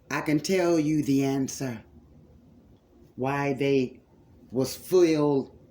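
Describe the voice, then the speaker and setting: A man's voice: fairly high pitch, darkish tone. A man preaching a spiritual healing sermon with fervor, repeating phrases for emphasis and calling his listeners loved ones.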